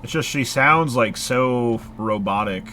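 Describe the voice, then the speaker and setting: A man's voice: mid-range voice, a little slow, pushed and bright, slight background noise. A man casually chatting while he streams a horror game live, rambling with lots of filler words and casual swearing. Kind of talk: casual live gameplay chat.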